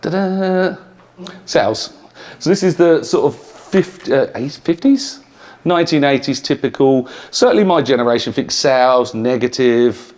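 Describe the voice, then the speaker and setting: Middle-aged business owner from the UK giving a campus talk. Frank and conversational, keeps checking in with the room, mid-range voice. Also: male voice, mid-range voice, a little mellow. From United Kingdom. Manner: conversational, frank, with frequent "yeah?" check-ins. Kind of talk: lecture to students. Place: university lecture room.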